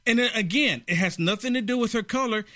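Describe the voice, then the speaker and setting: A man's voice: extremely high pitch, fast, pushed and bright, no echo, studio quality. A man hosting a political talk show, who questions pointedly and sounds indignant.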